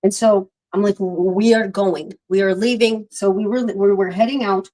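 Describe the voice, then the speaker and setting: A young adult woman in casual chat, telling a lively story and acting out the quotes. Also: medium pitch, moderate pace, rough recording. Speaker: podcast co-host.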